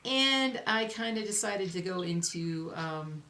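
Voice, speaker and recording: A woman's voice: mid-range voice, lively intonation, a little slow, sharp tone. A young woman, chatting casually to camera in a rambling, self-reassuring way about her week, sounding sleepy. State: sleepy, yawning. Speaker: cross stitch vlogger. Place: home. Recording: echoey room, faint noise.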